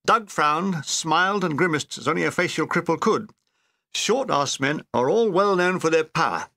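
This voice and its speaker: Animated older man narrating memoir. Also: on the high side, moderate pace, dry recording. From Britain. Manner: comic, dry, animated delivery. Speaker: author reading his own memoir. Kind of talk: audiobook narration with character voices.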